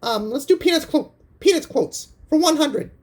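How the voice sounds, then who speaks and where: A man voicing an eager woman game show contestant in a high falsetto, answering quickly. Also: expressive.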